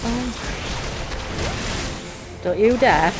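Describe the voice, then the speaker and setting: A woman's voice: fairly high pitch, extremely slow, over music, low-quality recording. Chatty Yorkshire woman gaming. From Yorkshire, England. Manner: chatty and rambling, with restarts and British slang. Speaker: let's play gamer. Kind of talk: casual gameplay commentary.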